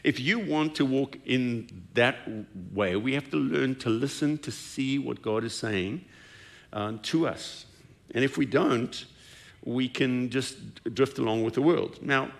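Gravelly guy preaching a sermon, gets animated acting out bible stories. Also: unhurried. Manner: animated storytelling, acting out scripture scenes with rising pitch. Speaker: pastor.

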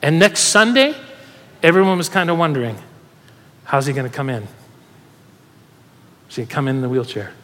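A man preaching a sermon, telling a personal story in an animated way, laughing and getting emotional as he goes. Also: a little high, fairly quick, pauses often. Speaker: pastor. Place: church hall with audience. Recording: reverberant hall.

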